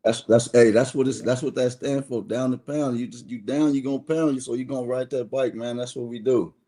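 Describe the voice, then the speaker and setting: A man's voice: medium pitch, steady tone, fairly quick, dark tone. Laid-back man guest on a podcast. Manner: laid-back, repeats himself, street slang. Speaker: podcast guest, motorcycle club officer. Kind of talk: casual interview chat.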